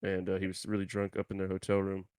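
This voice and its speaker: A low-pitched man in casual podcast chat, spinning a crude, rambling anecdote in slangy asides. The sound is dry and close, with no room around it. He drifts quieter and lower as the story runs on. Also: completely flat delivery, fast, clear, resonant tone, dry recording. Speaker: podcast co-host.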